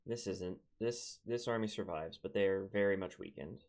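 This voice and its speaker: Young Minnesotan male gamer, low and gravelly, laid-back running commentary. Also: normal speed, hardly any pauses, a little mellow. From Minnesota, United States. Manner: chatty, talks to his units, chuckles often. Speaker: let's play host. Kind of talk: casual gameplay commentary.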